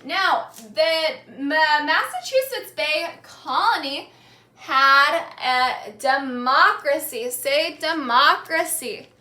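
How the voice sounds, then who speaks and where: A woman teacher with a high, bright voice leads a call-and-response lesson. She speaks slowly and clearly, pausing so the class can echo each key word. The room rings with noticeable echo. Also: animated.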